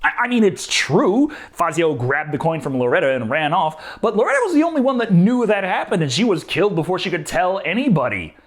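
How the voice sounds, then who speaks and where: A man's voice: sits high, very animated, a little fast, few pauses. A man narrating a comedic movie review in a sarcastic, jokey manner.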